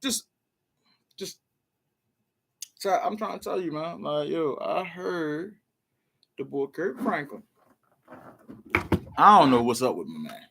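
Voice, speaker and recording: A man's voice: fairly high pitch, very animated, slow pace, gravelly, pauses often, sharp tone, a little hiss or hum. A man vlogging with casual commentary, loose and slangy, full of "like" and "man".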